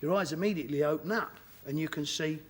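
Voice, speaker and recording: A man with a Cockney accent, a talk show guest telling animated stories and laughing often in a television studio. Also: fairly high pitch, fast. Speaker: guest actor.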